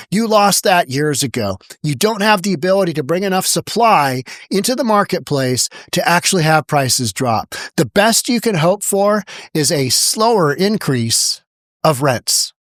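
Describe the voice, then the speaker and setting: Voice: mid-range voice, no echo, studio quality. A political commentary host delivering blunt, mocking opinion commentary with repeated emphasis. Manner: sarcastic, mocking. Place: home in Washington State.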